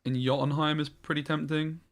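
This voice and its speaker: A man's voice: fairly high pitch, level tone, fairly quick. A man streaming a card game, thinking aloud in a frustrated way and swearing often. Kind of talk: live-streamed gameplay commentary.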